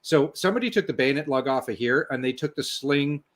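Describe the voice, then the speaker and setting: A man's voice: mid-range voice, fairly quick, a bit bright. An older man, a guest engineer, telling technical stories in a rambling, self-interrupting way, blunt and sometimes swearing. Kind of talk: casual technical storytelling.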